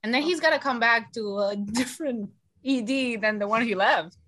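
A woman's voice: on the high side, moderate pace. A woman co-hosting a podcast, talking emotionally and expressively in casual chat. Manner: emotional, expressive, pleading tone when quoting herself. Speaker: podcast co-host.

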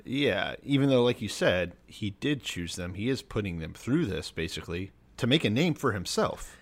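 A man co-hosting a relaxed podcast discussion, working through ideas in an analytical, thoughtful way with dry humor. His voice sits fairly low for a man. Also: normal speed. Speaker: podcast co-host. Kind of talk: casual chat.

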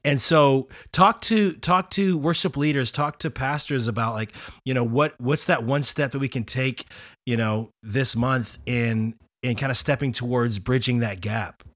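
Bright-voiced enthusiastic man hosting. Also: medium pitch, measured pace, no room sound, clean studio sound. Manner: enthusiastic, frequent "wow" and "man". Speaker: podcast host. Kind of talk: casual interview chat.

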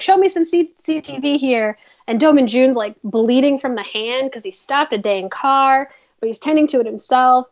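A woman's voice: fairly high pitch, lo-fi sound. A woman co-hosting a casual chat, recapping episodes with chatty, playful asides. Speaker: podcast co-host.

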